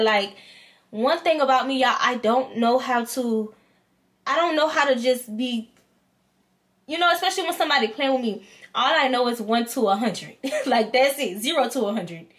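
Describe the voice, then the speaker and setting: A woman's voice: a little high, normal speed, fairly bright tone. A woman vlogger, animatedly telling a storytime and acting out both sides. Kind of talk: storytime vlog.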